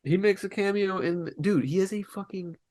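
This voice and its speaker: A man's voice: sits high, normal speed, darkish tone. A young man co-hosting a podcast, rambling in crude, casual banter full of swearing and restarts. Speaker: podcast co-host.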